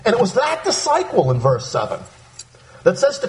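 A man's voice: sits high, normal speed, roomy sound, background noise. A man preaching a sermon, walking through a scripture passage and acting out the disciples' lines. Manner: animated, acts out voices of disciples.

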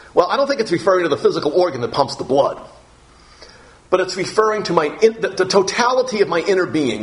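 A man preaching a sermon with a somewhat high voice. He is earnest and keeps repeating phrases, and his voice climbs on the words he wants to stress. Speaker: pastor.

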